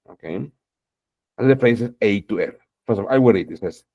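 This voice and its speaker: A man's voice: lowish voice, animated, normal speed, darkish tone, dry recording. A man teaching an English class, encouraging students and saying "okay" and "exactly" again and again. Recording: dull lo-fi sound.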